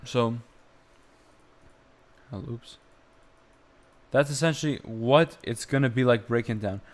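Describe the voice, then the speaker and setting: A young man teaching chant on a live stream, explaining slowly and breaking into short sung phrases. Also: medium pitch. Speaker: music teacher.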